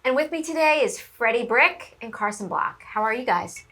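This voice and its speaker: Woman host, casual banter, teasing and quick on the comeback. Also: a little high, animated, bright, forceful tone.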